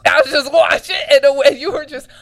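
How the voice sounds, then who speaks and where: A woman's voice: sits high, fairly quick, background noise. A woman co-hosting a casual chat podcast, telling stories with lots of laughter. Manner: animated, laughing storyteller. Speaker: podcast co-host.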